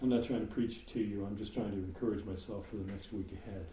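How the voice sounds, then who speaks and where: Guy teaching his congregation, relaxed mellow voice, roomy echo, chatty w/ jokes and ums. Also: on the low side, fast talker. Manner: conversational, joking asides, many fillers. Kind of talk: informal sermon. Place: meeting room with congregation. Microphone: room mic for live stream. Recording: echoey room, faint background hum.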